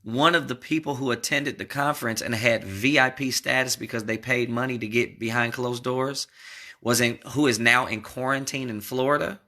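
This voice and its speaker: A man delivers casual commentary to camera in a bright, forceful voice at a middle pitch. He rambles with restarts and hammers his points, talking directly to the people watching. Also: fairly even intonation, normal speed. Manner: rambling, emphatic, talks straight to viewers. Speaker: political commentator. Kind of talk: casual political commentary vlog.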